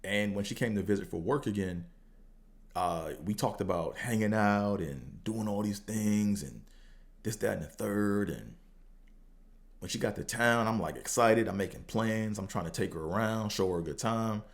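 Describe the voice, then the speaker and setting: A man hosting a podcast, telling a casual story in a slangy, profane way and acting out both sides of the conversations with big jumps in pitch. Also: moderate pace. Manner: animated, acts out quotes with big pitch jumps. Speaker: podcast host.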